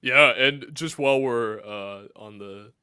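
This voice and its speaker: Bright, crisp-voiced podcast host. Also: male voice, medium pitch, slow pace, no room sound, clean studio sound. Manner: upbeat, conversational questioning. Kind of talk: casual podcast interviewing.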